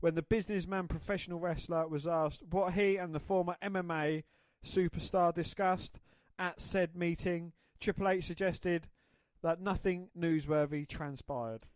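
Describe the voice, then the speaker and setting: A man's voice: a little high, fairly even intonation, normal speed, hardly any pauses, no room sound. A man co-hosting a casual podcast, eagerly giving opinions and reading news. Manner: eager, opinionated, says mate. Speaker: podcast co-host.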